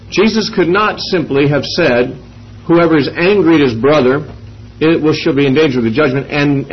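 A man with a somewhat raised, husky voice works carefully through scripture in an expository teaching, asking and answering his own questions. The recording is dull and lo-fi. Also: fairly high pitch. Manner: measured, reasoning aloud with quoted scripture. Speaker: Bible teacher.

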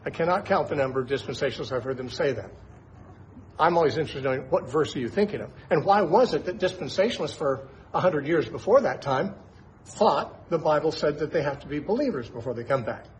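Emphatic man teaching scripture, slightly high. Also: animated, fast, muffled recording, a little hiss or hum. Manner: emphatic, rhetorical questions. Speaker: radio Bible teacher.

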